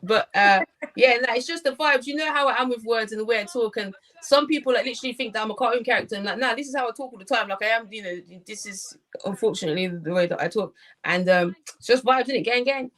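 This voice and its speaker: A woman's voice: on the high side, fast, a bit bright. A woman guest poet in casual chat, talking in a slangy, playful way and laughing easily.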